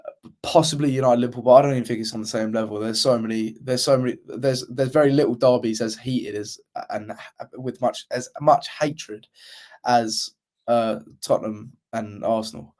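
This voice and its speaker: A man's voice: medium pitch, steady tone, moderate pace, darkish tone. A man chatting casually as a podcast co-host. He rambles, circling back and restarting his sentences as he talks through his points. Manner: rambling, many restarts and fillers. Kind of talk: casual chat.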